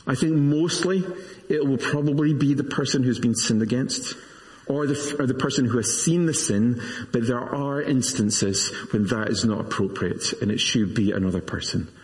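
A man in his forties, a pastor preaching a sermon in an earnest, measured way with self-deprecating asides. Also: medium pitch. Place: church. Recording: reverberant church hall.

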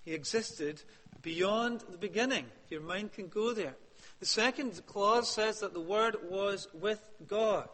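Male preacher, high and bright, long hall reverb; emphatic sermon delivery. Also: unhurried. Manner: emphatic, building to loud peaks then dropping to hushed questions.

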